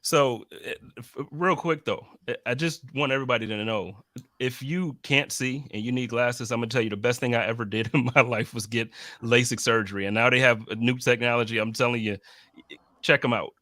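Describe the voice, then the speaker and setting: A man hosting a casual sports podcast, talking in an animated, teasing way and laughing often. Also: mid-range voice, brisk, dry recording, clean studio sound. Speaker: podcast host.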